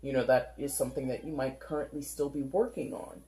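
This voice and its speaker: A tarot reader talks through a card spread in a loose, conversational ramble. The voice is mellow and warm, with plenty of filler words. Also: medium pitch, fairly even intonation, brisk. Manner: chatty, rambling, heavy use of filler 'like'. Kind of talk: casual tarot reading monologue.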